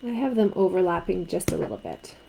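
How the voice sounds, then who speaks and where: A Canadian woman leads a card-making craft tutorial, chatting along and asking viewers for their opinions. Her voice is on the low side, sing-song and gravelly, a little fast, against a noisy background.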